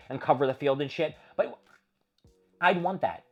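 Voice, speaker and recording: A man's voice: medium pitch, lively intonation, a little fast, lo-fi sound. A man hosting a solo show, venting in a profane, exasperated rant. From Philadelphia area. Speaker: podcast host. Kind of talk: ranting solo monologue.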